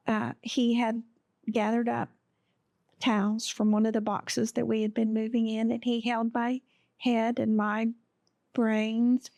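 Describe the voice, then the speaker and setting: Woman telling her story on a podcast, slow and halting, lots of ums, fairly high voice but pretty flat. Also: creaky, no echo, studio quality. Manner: halting and emotional, with many pauses and fillers. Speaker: podcast guest. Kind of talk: telling a personal story in an interview.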